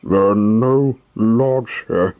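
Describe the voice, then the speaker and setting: A man reading the part of a gruff, harsh puppet showman in a slow, low voice. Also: no echo, phone-quality sound. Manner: harsh, commanding.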